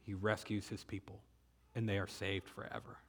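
A man with a Southern US accent preaching a sermon, retelling the story dramatically and slowing down for emphasis. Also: fairly low pitch, flat delivery, a bit bright, breathy edge. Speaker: pastor. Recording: echoey hall with long reverb.

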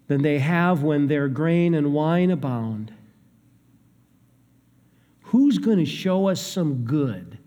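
A man preaching a sermon, swinging between hushed, low lines and raised, emphatic ones. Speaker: pastor. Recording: long hall reverb.

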